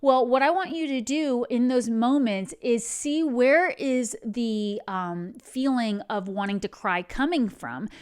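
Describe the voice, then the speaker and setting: Woman, spiritual channel host, solo monologue; a touch high-pitched, earnest, gentle, prone to wandering off topic. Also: a little slow, hardly any pauses, smooth. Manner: earnest, meandering, digressive.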